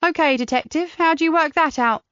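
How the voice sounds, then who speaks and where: A woman's voice: high-pitched, a little fast, a bit bright, dry recording, voice pushed up. A woman voicing a curious, upbeat female detective with a teasing, inquisitive manner. The recording is dry and slightly dull.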